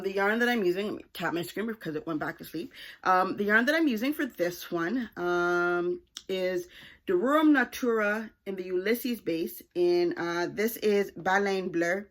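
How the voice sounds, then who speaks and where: A woman's voice: medium pitch, a bit bright. Chatty woman showing her knitting. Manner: chatty, self-correcting, cheerful. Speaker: knitting podcast host. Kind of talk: casual chat showing knitting projects.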